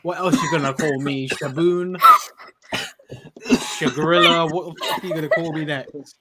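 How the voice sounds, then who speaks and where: A man's voice: a little high, quick pace, heavy background noise. A young man co-hosting a casual group chat, ranting and swearing heavily. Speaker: podcast co-host.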